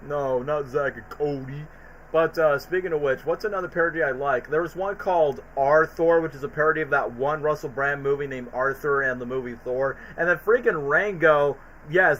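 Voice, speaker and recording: A man on a stream, excitedly retelling cartoon parody scenes and slipping into quick character voices. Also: a little high, highs cut off, slight background noise. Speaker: stream co-host.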